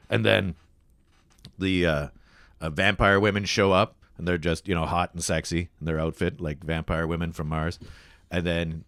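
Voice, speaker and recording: A man's voice: low voice, moderate pace, no room sound, studio quality. A Canadian man, a comedian guest on a podcast, telling a story casually and acting out the voices of the people in it. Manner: animated, acts out voices.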